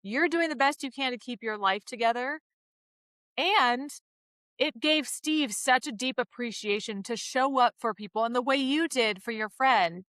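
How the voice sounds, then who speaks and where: A woman author joins a podcast as a guest and speaks thoughtfully and reflectively. Her voice is high and bright, recorded close and dry. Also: moderate pace, no room sound. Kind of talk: reflective interview talk.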